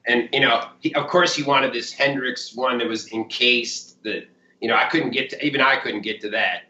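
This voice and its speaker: A man's voice: medium pitch, normal speed, sharp tone. A man in his fifties with a Chicago accent, a blues musician telling his story in a casual interview, rambling with lots of "like" and "you know". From Chicago area. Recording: roomy, dull lo-fi sound.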